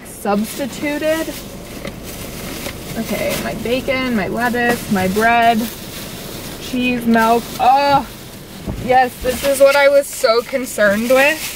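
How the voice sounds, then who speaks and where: A woman's voice: fairly high pitch, slow. A young woman vlogging casually from inside a car, rambling with lots of fillers. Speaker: vlogger and tarantula keeper. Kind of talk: casual vlog chat. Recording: vehicle noise behind.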